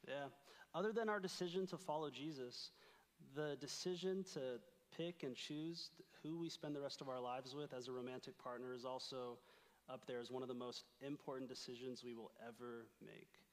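A young man with a medium-pitched voice speaks at a moderate pace in a large hall. He's a campus ministry speaker giving an earnest yet playful sermon-style talk at a retreat, reading scripture aloud.

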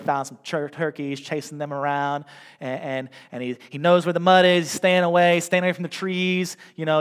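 A man preaching a sermon, reading scripture slowly and telling a story in a hushed voice. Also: a little high. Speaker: pastor.

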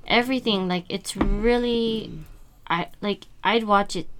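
A woman's voice: medium pitch, a little slow, background noise. A woman chatting casually on a podcast, hesitant and full of fillers, talking fondly. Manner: hesitant, filler-heavy, fond. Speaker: podcast co-host. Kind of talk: casual chat.

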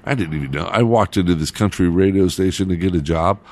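A man's voice: sits low, fast talker, darkish tone. A middle-aged man, a radio host and former DJ, telling loose stories in casual chat and laughing as he goes.

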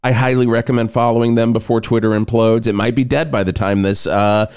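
A man co-hosting a rock music podcast, talking in an animated, jokey, swearing casual chat. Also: mid-range voice, a little fast, clear, resonant tone. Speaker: radio podcast co-host.

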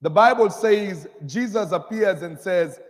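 A man preaching a sermon, reading scripture slowly and drawing responses from the congregation. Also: sits high, animated. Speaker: pastor. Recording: long hall reverb.

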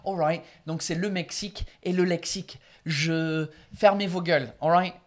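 A woman's voice: on the low side, fairly even intonation, normal speed. A woman hosting a casual chat, playful and freely swearing. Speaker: host. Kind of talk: casual chat, switching between English and French.

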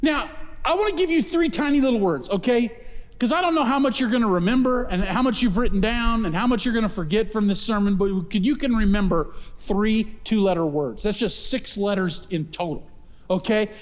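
A man preaching a sermon as pastor, emphatic, climbing to loud calls for his congregation to answer. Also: high voice, fairly quick. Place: church auditorium. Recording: long reverb of a large hall.

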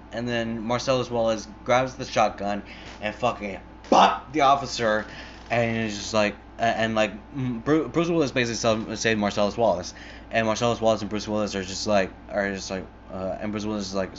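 A young man with a lowish voice rambles loosely through the plot of a movie, swearing freely. He stuffs every pause with "like" and half-started words, constantly restarting. The recording is muffled and lo-fi, with a faint hiss underneath.

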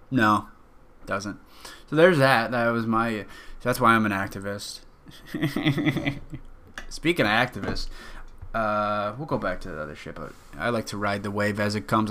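A young man hosts a solo podcast in a fairly low, sharp voice, unhurried and full of long pauses. He rambles casually, swears often, and cracks jokes at his own expense.

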